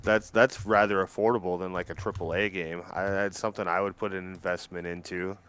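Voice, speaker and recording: A man's voice: sits low, little pitch movement, a little fast, a bit bright, clear, resonant tone. A man as a podcast guest, speaking hesitantly with many fillers. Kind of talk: casual podcast chat.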